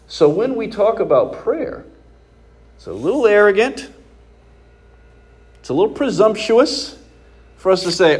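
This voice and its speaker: Emphatic higher-voiced male preacher. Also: very animated, measured pace, pauses often. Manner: conversational, emphatic preaching with rhetorical questions. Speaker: pastor. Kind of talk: sermon.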